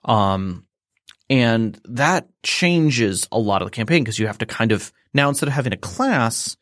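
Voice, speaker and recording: A man's voice: medium pitch, animated, a little slow, fairly bright tone, no room sound, clean studio sound. A man explaining a tabletop game system in casual chat, rambling with fillers and restarts.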